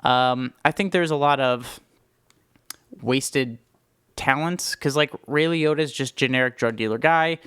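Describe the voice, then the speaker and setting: This self-proclaimed film snob co-hosts a movie stream, chatting and offering strong opinions between frequent laughs. His mid-range voice is unhurried, a bit bright and clean, recorded studio-quality with no room sound.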